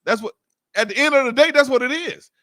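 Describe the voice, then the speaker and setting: A man hosts a heated sports debate, insistently pressing his point in slangy talk and repeatedly calling his co-host "dog." His voice is very high-pitched, bright and pushed, fairly quick, recorded clean in a studio with no echo.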